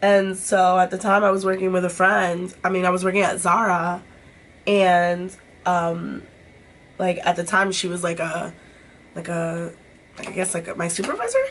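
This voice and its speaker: A woman's voice: on the low side, unhurried, a bit bright, slight background noise. A young woman vlogger chatting casually while doing her makeup, swearing freely and filling her talk with "like". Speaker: beauty vlogger.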